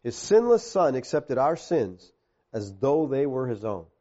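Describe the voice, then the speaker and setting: A male pastor preaching a sermon, talking straight to the men in the room and swinging from quiet, low passages to emphatic, raised ones. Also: lively intonation, a little slow, highs cut off. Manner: direct, addresses the men in the congregation.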